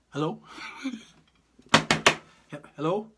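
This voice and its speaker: A man hosting a livestream commentary, who talks in an animated, preachy, folksy way. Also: a little high, moderate pace, heavy background noise. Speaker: host and Bible teacher.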